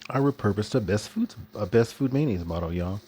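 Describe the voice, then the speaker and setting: A man's voice: fairly low pitch, expressive, fairly quick, a little mellow, slightly rough. A man talking in a loose, rambling religious vlog monologue, chuckling often as he goes. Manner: loose, rambling delivery with frequent restarts. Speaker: vlogger.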